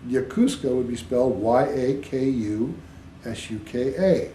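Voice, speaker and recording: A man's voice: mid-range voice, expressive, normal speed, dark tone. A man being interviewed, explaining patiently like a teacher and spelling words out letter by letter. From United States. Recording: echoey room with faint background hiss.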